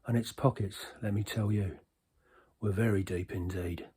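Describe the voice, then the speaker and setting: Aging ex-henchman, husky, rambling barroom storyteller for an audio drama, played by a man. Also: lowish voice, steady tone, normal speed, warm tone. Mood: wry. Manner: rambling, colloquial, winking asides to the listener.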